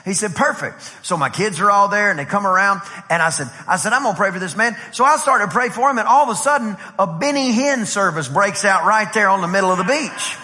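A high-pitched man preaches a conference sermon in a lively storytelling style, repeating "I said" as he acts out conversations. His voice is bright and ringing, and a long hall reverb trails behind it. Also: fairly quick, hardly any pauses. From Texas. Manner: lively, repeats "I said" while acting out dialogue. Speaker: pastor.

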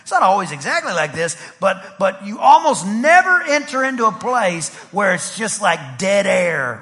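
A man's voice: high-pitched, big pitch swings, moderate pace, few pauses, pushed and bright, in a large hall. A man, a pastor, preaching a sermon in a rhythmic style with repetition and acted-out stories. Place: church sanctuary.

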